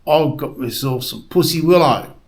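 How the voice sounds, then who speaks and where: A man voicing a cheeky young boy in a joke, speaking flatly. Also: medium pitch, moderate pace, lightly acted. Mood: matter-of-fact.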